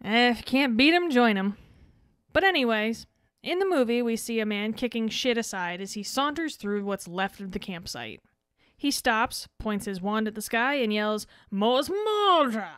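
A woman co-hosting a podcast, reading out a scene summary with a dry, deadpan edge. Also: on the high side, normal speed, smooth, no echo. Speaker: podcast co-host.

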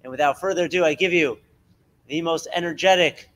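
A man hosting a lecture series, giving brisk announcements and introducing the speaker. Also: a little high, background noise.

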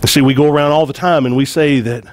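A man preaching a sermon, retelling a story with lively acted-out quotes and frequent repeated words. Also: mid-range voice, fast. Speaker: pastor.

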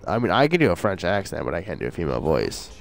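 Dry-toned young gamer calling plays. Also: male voice, deep voice, sing-song, fast talker, creaky, soft background music. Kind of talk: casual gaming chat.

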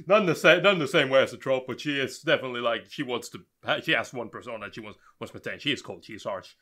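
Bright-voiced man, relaxed chat. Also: mid-range voice, fast talker. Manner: relaxed, rambling, many restarts. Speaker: podcast co-host. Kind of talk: casual chat.

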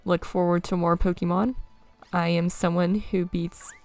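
A woman's voice: fairly low pitch, little pitch movement, a little slow, a little mellow, no room sound, faint music behind. A young woman chatting casually as she plays a game, with wry running reactions to what she sees. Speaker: let's play gamer. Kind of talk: casual gameplay commentary.

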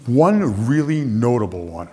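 A man's voice: medium pitch, unhurried, slight background noise. A man telling a humorous personal story on a theater stage, acting out the voices of the people in it. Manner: animated, acts out other people's voices. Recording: long theater reverb.

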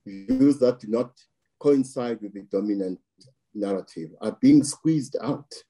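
A man from South Africa speaks in an interview with a very dark, mellow tone and a slightly husky edge. He talks slowly and deliberately, weighing each phrase as he builds his argument. His voice sits a little low. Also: rough recording. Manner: slow and deliberate, weighing words, occasional restarts. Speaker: political analyst. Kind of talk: interview commentary.

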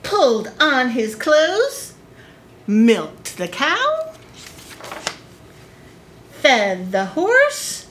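A librarian at preschool story time reads aloud with a bright, clear tone, her pitch swooping up and down. She takes her time over each phrase, very slow and deliberate. A faint hiss sits under the voice. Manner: slow, expressive read-aloud for small children. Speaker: children's librarian.

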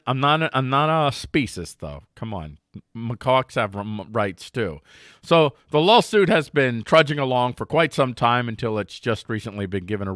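A man hosting a casual headline commentary show, wry and joking, with pitch jumping up for emphasis. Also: fairly bright tone, dry recording, studio quality. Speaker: news commentary host.

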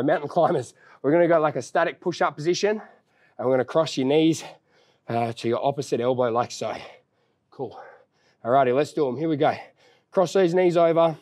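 A fairly high-voiced young man coaches a home workout, puffing as he exercises along. He cheers the listener on and counts the reps down in a loose, joking way. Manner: upbeat encouraging, counts reps down, casual banter. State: out of breath while exercising. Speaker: fitness trainer.

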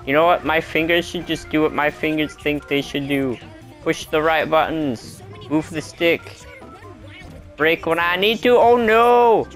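A gaming channel host giving live gameplay commentary, talking to themself and the game and exclaiming loudly at every crash. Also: mid-range voice, a little slow, faint music behind. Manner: excitable, yelps and exclaims at crashes; talks to self and to the game.

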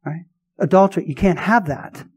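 A man's voice: high-pitched, normal speed, darkish tone, breathy edge. A male pastor preaching a sermon, emphatic and full of rhetorical questions.

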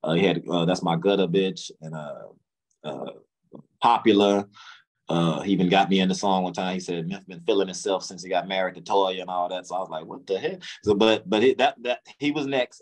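A low-pitched man with a Memphis Southern accent tells a long, rambling story in a relaxed interview. He repeats and restarts words and acts out other people's lines in a raised voice. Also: a little fast. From Memphis, Tennessee, US. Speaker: guest, music executive.

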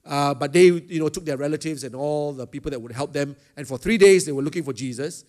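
Middle-aged pastor, slightly raised pitch, gives a youth chapel lesson with lots of "uh" pauses. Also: male voice, a little mellow. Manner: talks to a live student audience, asks them questions; frequent hesitation fillers. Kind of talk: teaching a youth chapel talk.

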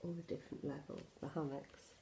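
A woman teacher reading a picture book aloud to young children, with slow hushed asides about the pictures. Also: low voice, steady tone, gravelly, background noise. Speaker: infant school teacher.

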